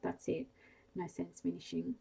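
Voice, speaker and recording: A woman voicing a resigned Cornish farm woman in her sixties, softly within a bedtime story reading. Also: on the low side, big pitch swings, moderate pace, creaky, breathy edge, full character voice. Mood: weary. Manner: plain, resigned country speech. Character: weary older Cornish farm woman, worn down. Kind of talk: soft ASMR bedtime story narration.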